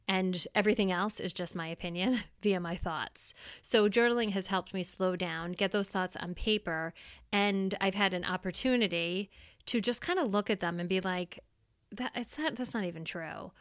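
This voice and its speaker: A woman's voice: medium pitch, fairly bright tone, clear, resonant tone, no room sound, clean studio sound. A middle-aged woman hosting a solo podcast, talking candidly and reflectively in a casual, plainspoken way. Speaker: podcast host.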